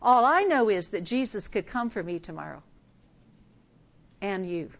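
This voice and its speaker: A woman's voice: mid-range voice, expressive, a little slow. An older woman giving a conversational sermon, acting out Bible scenes with humor. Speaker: preacher.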